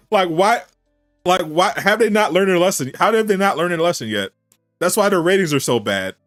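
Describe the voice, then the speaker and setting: A man chatting casually as a streamer on a live reaction stream, animated and incredulous, firing off rhetorical questions. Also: on the high side, dry recording, studio quality.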